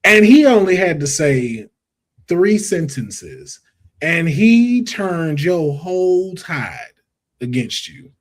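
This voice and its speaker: A man hosting a wrestling podcast, talking in an animated, emphatic, slangy way in casual chat. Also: fairly high pitch, slow. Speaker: podcast host.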